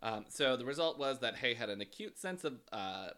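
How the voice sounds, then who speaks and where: A man's voice: medium pitch, sing-song, brisk, sharp tone. A man co-hosting a casual podcast, telling a true-crime story with frequent ums and dry asides. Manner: hesitant, many ums and uhs, dry asides. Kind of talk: casual chat, recounting a case.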